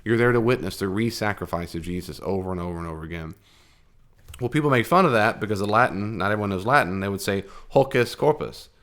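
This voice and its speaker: A man's voice: fairly low pitch, fast talker, fairly bright tone. Man giving a rambling Bible lesson. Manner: conversational and digressive, with emphatic asides. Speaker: Bible teacher.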